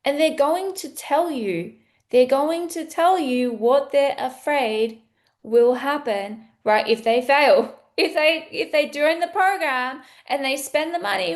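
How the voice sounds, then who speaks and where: A woman sales coach with a high, slightly slow voice teaches in a casual, blunt, playful manner. She's animated and acts out pieces of sales calls.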